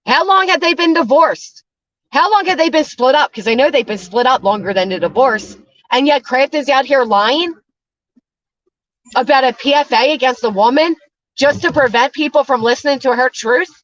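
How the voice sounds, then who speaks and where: Woman, commentary host, scornful swearing rant, fairly high voice, dull dry sound. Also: a bit bright, no room sound. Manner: profane, scornful ranting. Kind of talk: angry drama commentary.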